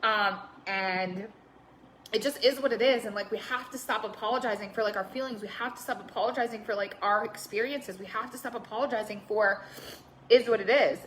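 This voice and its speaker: A woman's voice: medium pitch, brisk, a bit bright, slight background noise. A young woman talking candidly on a live stream, rambling with lots of filler words and some swearing. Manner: reads out viewer comments. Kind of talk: casual Facebook Live chat.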